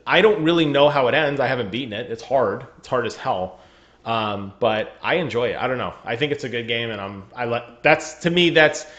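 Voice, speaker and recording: A man's voice: medium pitch, a bit bright, highs cut off. A man chatting casually on a gaming podcast over a remote call, joking and laughing often. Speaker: podcast co-host.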